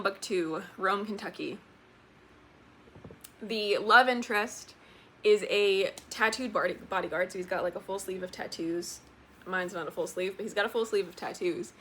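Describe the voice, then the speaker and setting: A young woman chatting casually on camera, ranting in an exasperated, animated way with sudden jumps in pitch. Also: a little hiss or hum. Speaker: book vlogger. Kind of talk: casual chat.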